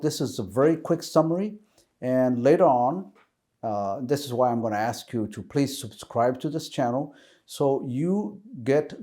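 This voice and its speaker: Mellow-voiced man teaching earnestly. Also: medium pitch. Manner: earnest, conversational, addresses the viewer directly. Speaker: presenter of a Catholic video series. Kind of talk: unscripted teaching talk to camera.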